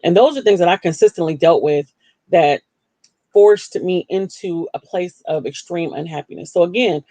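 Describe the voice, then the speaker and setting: A woman hosting a live call-in broadcast, talking candidly and self-deprecatingly about her own life. She jumps up in pitch to act out her past self. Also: moderate pace, mellow, no room sound. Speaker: livestream host.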